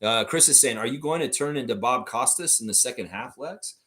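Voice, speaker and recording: A man's voice: medium pitch, a little fast, sharp tone. A man hosting a casual livestream, reacting to a game and reading viewer chat aloud in a goofy, blunt, ranting way.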